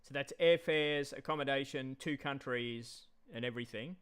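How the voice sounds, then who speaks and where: A man's voice: medium pitch, moderate pace, fairly bright tone, smooth. A man rambling casually on a live stream, repeating himself and talking straight to his chat.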